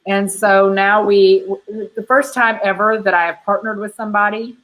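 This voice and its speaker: A woman's voice: medium pitch, fairly even intonation, moderate pace, a bit bright, low-quality recording. A woman hosting a casual live chat about her event, gushing with praise and swearing freely. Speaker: event organizer and host. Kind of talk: casual conversation, live stream.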